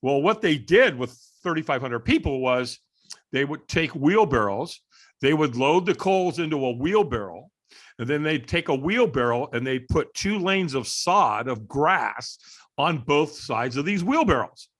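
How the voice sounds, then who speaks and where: A middle-aged man with a slightly high voice tells a story in a podcast interview. His pitch swings widely as he throws himself into the tale and acts out other people's lines. He comes across as an animated storyteller. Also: measured pace. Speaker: guest, firewalk instructor.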